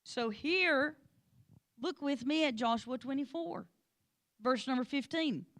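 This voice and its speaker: Animated woman teaching Sunday school. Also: high-pitched, takes it slowly. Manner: animated storytelling, addresses class by name. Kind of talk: Bible lesson.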